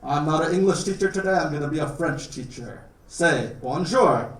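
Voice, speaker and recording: Talking fast in a somewhat high voice, a guest lecturer from Canada jokes his way through a lighthearted class talk about his homeland, using easy words for learners. The classroom or lecture-hall recording is roomy and distant.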